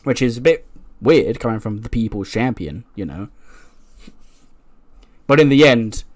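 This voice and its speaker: A man's voice: medium pitch, expressive, a little slow, no echo, studio quality. A man casually narrating a wrestling management game, chatty with lots of fillers. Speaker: let's play host.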